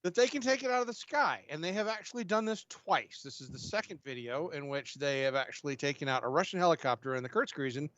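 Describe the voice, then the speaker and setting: A man's voice: fairly high pitch, expressive, quick pace, few pauses, a bit bright, lo-fi sound, slight background noise. A man co-hosting a casual livestream, reading drone news stories aloud with frequent fillers and restarts.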